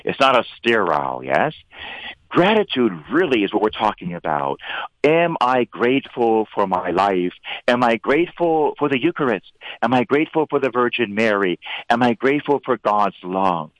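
A man, a priest and regular on a radio show, talking earnestly about faith and often rising into lively emphatic bursts. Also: mid-range voice, normal speed, dry recording, highs cut off. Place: radio studio.

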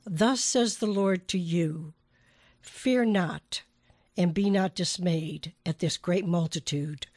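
A woman's voice: medium pitch, a little mellow, no echo. Earnest woman giving a devotional talk. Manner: earnest, slowing to stress key phrases. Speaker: podcast host.

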